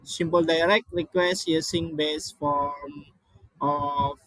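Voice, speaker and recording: Guy reading slides in shaky english, not his first language, highish voice, slow, stops and restarts a lot. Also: little pitch movement, a bit bright, no echo, poor audio. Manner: halting, many restarts and apologies.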